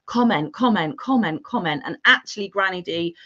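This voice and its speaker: A woman co-hosting a casual livestream, chatting warmly and reading viewers' comments aloud. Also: on the low side, lively intonation, moderate pace, highs cut off. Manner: warm, chatty, calls viewers honey. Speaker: co-host of a crochet livestream.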